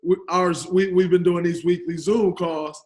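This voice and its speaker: Man guest on a remote podcast, high-pitched, laid-back, joking. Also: fairly even intonation, measured pace. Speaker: podcast guest, pro basketball player. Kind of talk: casual remote interview chat. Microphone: video call.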